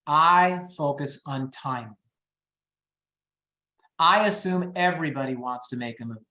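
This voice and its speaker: High-energy man teaching real estate scripts. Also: bright, forceful tone, reverberant. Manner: high-energy, upbeat and quick-moving. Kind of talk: training webinar talk.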